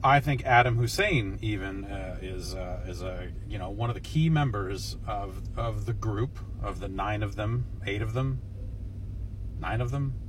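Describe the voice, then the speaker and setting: Halting, slow-talking male music reviewer. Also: fairly low pitch, rough recording. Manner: halting, full of fillers and restarts. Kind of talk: casual spoken review. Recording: with steady background noise.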